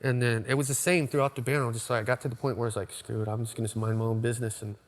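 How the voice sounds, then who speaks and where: Lively American man, mid-pitched voice. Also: rapid-fire. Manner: lively, mimics bandmates in animated quotes. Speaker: band member. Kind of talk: casual interview.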